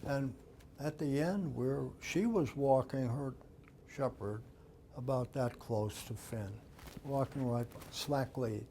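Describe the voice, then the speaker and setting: A man's voice: medium pitch, takes it slowly, dark tone, slight background noise. An older man, a dog behavior expert, giving an author talk and telling anecdotes while acting out the dialogue. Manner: anecdotal, acts out quoted dialogue. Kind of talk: storytelling talk.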